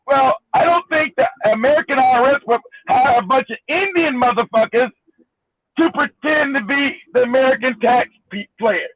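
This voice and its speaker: A man's voice: very high-pitched, normal speed, breathy edge, dry recording. A man hosting a show, talking in loose, mocking, rambling commentary with frequent laughs. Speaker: show host. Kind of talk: casual commentary. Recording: dry tinny phone-like line.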